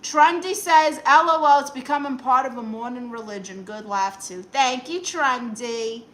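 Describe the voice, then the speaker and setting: Sassy high-voiced woman reading chat. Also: normal speed, a bit bright, low-quality recording. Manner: sassy, dry comebacks to chat. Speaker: livestream host in a comic aunt persona. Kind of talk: comic livestream chat reading.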